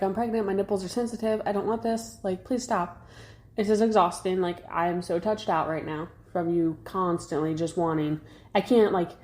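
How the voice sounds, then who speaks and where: A woman's voice: lowish voice, mellow. A young woman co-hosting a podcast, talking candidly in a rambling casual chat full of fillers. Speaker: podcast co-host.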